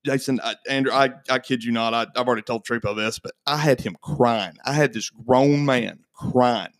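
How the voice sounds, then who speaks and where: A man, a podcast guest in his thirties, telling a long story in casual chat and acting out the other people's voices with big jumps in pitch. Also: moderate pace, dry recording.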